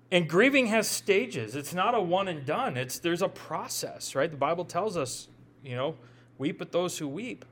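A man's voice: high voice, fairly bright tone. A man with a Midwestern accent preaching a sermon as pastor, conversational, often repeating words as he thinks aloud and adding joking asides.

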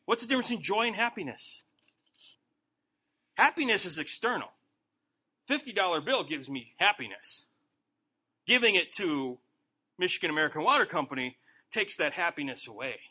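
A man's voice: high voice, sharp tone, breathy edge. A man leading a Bible study in a folksy, joking, conversational sermon. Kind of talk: informal sermon.

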